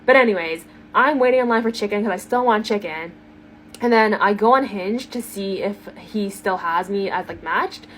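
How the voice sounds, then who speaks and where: A chatty woman tells a date story, animated and full of fillers. Her pitch is in a middle range. A little noise sits faintly in the background. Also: moderate pace. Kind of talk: storytime to camera.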